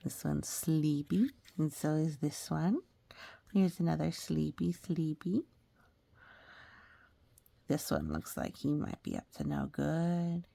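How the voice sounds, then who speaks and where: This woman's voice is low and gravelly, her pace measured, with no room sound in the recording. She reads a picture book aloud to children, pausing between passages to chat animatedly about the illustrations.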